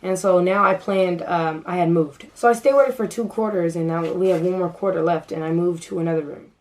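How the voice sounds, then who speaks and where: A young adult woman telling a storytime vlog in a casual, animated way, full of fillers, acting out what people said. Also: on the low side, fairly quick, low-quality recording. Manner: animated, filler-heavy, acts out quoted dialogue. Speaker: vlogger.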